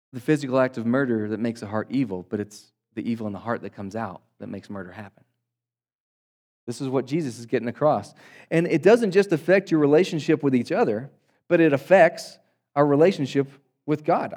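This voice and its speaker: Preaching man, swinging loud and soft. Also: a little high. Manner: dynamic preaching, rising loud for emphasis and dropping soft; addresses congregation as guys. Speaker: pastor. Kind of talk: sermon.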